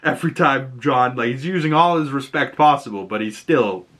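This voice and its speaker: A man with a Boston accent talks through a TV episode in a loose, chatty recap. His voice is bright and forceful, at an average pitch for a man. He keeps slipping into the characters' lines as he retells each scene. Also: normal speed. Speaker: show reviewer. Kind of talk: casual recap and reaction.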